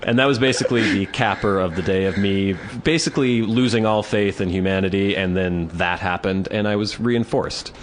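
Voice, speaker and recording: A male podcast co-host tells a story in a lowish voice. He talks casually and swears often. He acts out the people in the story. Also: brisk, hardly any pauses, a little hiss or hum. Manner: animated, swears, acts out voices in his stories.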